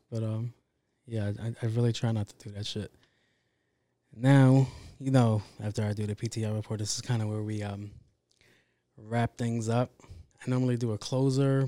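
A man's voice: medium pitch, mellow, dry recording, studio quality. A man hosting a podcast, talking in a casual, rambling monologue full of swearing and self-interruptions. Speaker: podcast host.

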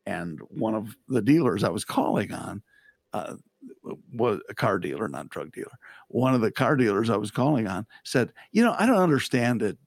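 Teasing low-voiced man joking on a podcast. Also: expressive, normal speed, creaky, no room sound, clean studio sound. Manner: jokey, teasing, laughs often. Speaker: podcast co-host. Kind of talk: casual chat.

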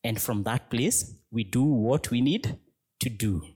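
A man preaching a reflective sermon as a pastor, speaking gently and unhurriedly in short, broken phrases that lead into prayer. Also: mid-range voice, a little slow, slightly rough.

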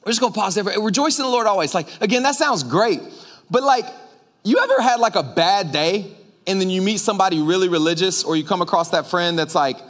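A man's voice: high-pitched, fairly quick. A man preaching a casual, joking sermon to his church, talking with the congregation as he goes. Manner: joking, conversational, animated preaching with audience asides. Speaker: pastor. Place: church sanctuary.

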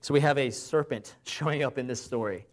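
Preaching in a conversational style with a mid-range voice, a man puts rhetorical questions to his audience. When quoting Bible verses, he slows his pace.

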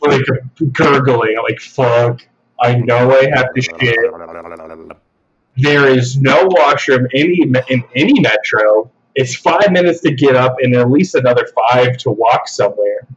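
A man's voice: mid-range voice, unhurried, slightly rough, dull audio. Casual swearing man telling a story. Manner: relaxed, swears freely, laughs while telling. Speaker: podcast guest.

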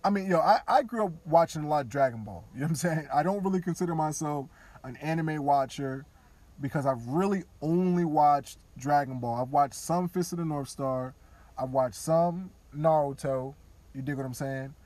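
Brief: male podcaster, slightly high voice, dry close mic, frank conversational riffing. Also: normal speed, no echo. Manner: candid, conversational, acts out other voices quietly. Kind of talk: casual opinion talk.

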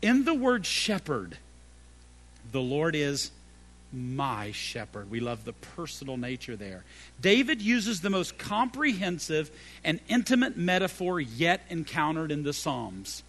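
A middle-aged pastor delivers a sermon in a high, gravelly voice. His pitch leaps and falls widely, from loud emphatic peaks down to hushed, low phrases. He repeats key phrases again and again to drive them home. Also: sing-song, a little slow.

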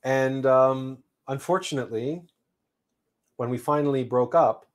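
A man hosting a livestream, telling a personal story in an unhurried, reflective way with frequent restarts. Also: medium pitch. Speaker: livestream host.

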